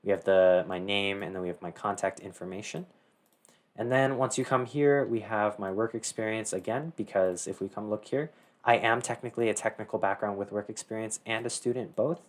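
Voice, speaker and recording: A teenage boy with a lowish voice talks a little fast while hosting a casual screen-share tutorial. He rambles, using many fillers and correcting himself often.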